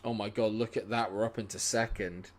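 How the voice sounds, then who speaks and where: Excitable man streaming a game. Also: on the low side, fairly quick. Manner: swings from muttering to excited shouting, swears at the game. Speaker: gaming streamer. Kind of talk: live gameplay commentary.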